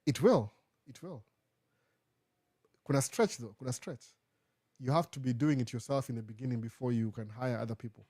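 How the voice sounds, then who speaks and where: Male host, live Q&A, casual, code-switching, dry close sound, mid pitch. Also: steady tone, fast, darkish tone, dry recording. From Kenya. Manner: casual, mixes English with Swahili phrases. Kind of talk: live Q&A answering viewer questions.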